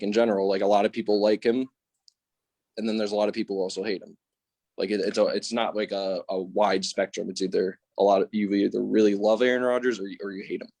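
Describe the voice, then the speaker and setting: A man's voice: lowish voice, vocal fry, darkish tone, no room sound. A young man on a sports podcast, hesitating often and filling his points with "like" as he argues. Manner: hesitant, restarts often, many "like"s. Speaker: podcast co-host. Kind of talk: casual sports debate.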